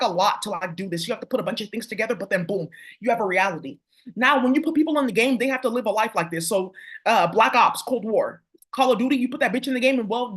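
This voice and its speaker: A woman vlogger talking casually to her viewers, rambling, swearing and turning confrontational. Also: fairly high pitch. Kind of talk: casual spiritual rant to viewers.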